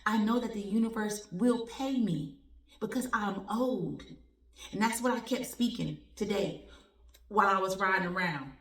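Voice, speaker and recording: A woman hosting her own motivational show, telling stories in an animated, preachy way and repeating phrases for emphasis. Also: medium pitch, normal speed. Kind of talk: motivational talk and storytelling. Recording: echoey room, distant from the mic.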